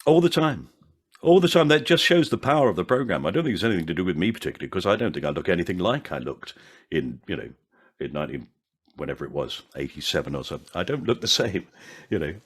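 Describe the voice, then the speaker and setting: Older man, low voice, very lively pitch, anecdotal, actor guest, interview chat. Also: fast talker, husky. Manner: anecdotal, animated impressions of fans.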